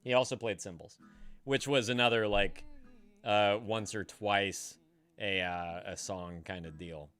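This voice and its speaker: A man's voice: fairly low pitch, fairly even intonation, a little slow, fairly bright tone, clean tone. A man hosting a live stream, chatting casually with his viewers, swearing freely and laughing often. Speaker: livestream host.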